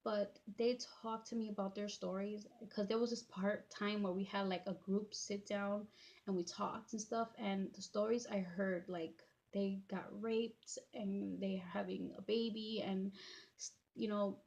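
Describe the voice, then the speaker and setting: Tearful and halting, a woman in her thirties vlogs a personal story to her viewers, stumbling over fillers and restarts. Her voice is medium-pitched, gravelly and slightly mellow, with a level tone. The sound is lo-fi.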